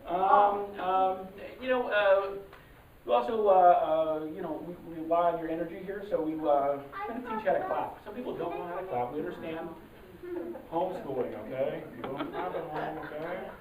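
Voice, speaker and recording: A member of an improv troupe warming up a live audience, talking haltingly with many fillers and restarts and loudly calling out cues to the crowd. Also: mid-range voice. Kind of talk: live audience warm-up talk. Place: live show venue. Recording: distant, roomy, muffled live recording. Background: audience ambience.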